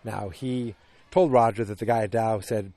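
A man's voice: lowish voice, steady tone, normal speed, warm tone, no echo. A man casually recapping a TV episode, rambling with lots of fillers and restarts. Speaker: show recapper. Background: dogs barking.

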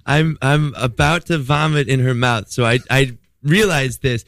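A man telling a comic story in casual talk, excitable, swearing freely and acting out what people said. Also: mid-range voice, measured pace, gravelly, no echo. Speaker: podcast guest telling a story.

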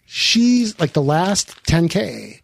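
A man's voice: fairly high pitch, very animated, slow, gravelly, a little hiss or hum. A man hosting a podcast, chatting casually, joking and swearing as he rambles and reads out names. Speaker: podcast host. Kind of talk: casual chat, reading listener names.

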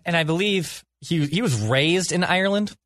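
A man's voice: a little high, moderate pace, fairly bright tone, no echo. Easygoing man chiming in, dry sound. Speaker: podcast co-host. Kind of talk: casual movie discussion.

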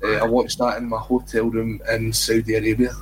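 Hosting a football podcast, this man from Scotland keeps things light and chatty, cracking jokes and often filling pauses with "um." He speaks fairly quickly in a lowish voice with little pitch movement, against a noisy background.

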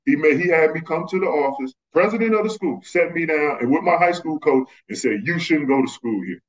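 A man from Texas, a former basketball player, telling animated stories as a podcast guest and acting out the people he quotes. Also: a little high, a little fast. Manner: animated, acts out quoted voices. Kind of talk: casual storytelling. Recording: slightly muffled lo-fi audio.

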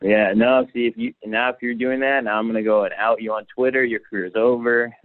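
A young adult professional wrestler, appearing as a guest in a casual interview, tells stories in a relaxed way and acts out the lines he quotes. His mid-range voice is brisk, and the dry recording comes over a tinny phone line.

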